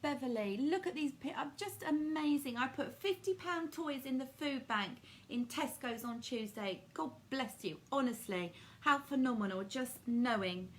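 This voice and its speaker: A woman's voice: sits high, expressive, normal speed, hardly any pauses, fairly bright tone, slight background noise. A middle-aged woman doing a live card reading, affectionately calling viewers darling and sweetie.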